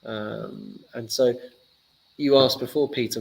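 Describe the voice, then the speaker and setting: Rabbi chatting thru a lesson, gravelly voice, mid pitch, jokey. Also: male voice, normal speed, fairly bright tone, low-quality recording. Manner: chatty, joking, loose storytelling. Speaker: rabbi teaching a class. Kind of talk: casual Torah lesson.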